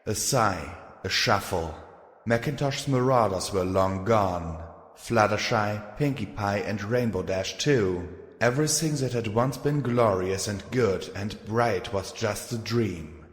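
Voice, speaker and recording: A man narrating a fan fiction audiobook in a steady, measured way. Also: on the low side. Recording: echoey room with long reverb.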